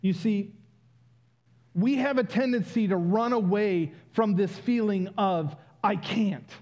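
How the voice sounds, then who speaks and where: Guy preaching in church, slow and deliberate, kinda highish voice, muffled lo-fi sound. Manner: personal, builds to loud exclamations. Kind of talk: sermon.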